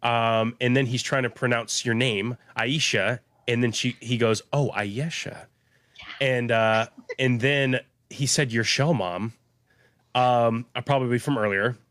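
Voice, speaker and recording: A man's voice: medium pitch, measured pace, no echo. Chill guy hosting a stream, reading comments, dry close mic. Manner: relaxed, filler-heavy. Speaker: host. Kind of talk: casual chat, reading comments.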